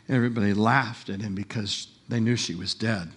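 A man preaching a sermon as pastor, retelling a story with animated delivery and slowing down for emphasis. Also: on the low side, slightly rough.

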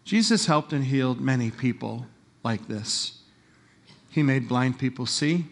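A pastor delivers a sermon in a mid-range voice, retelling a story with lively energy and slowing down to drive points home.

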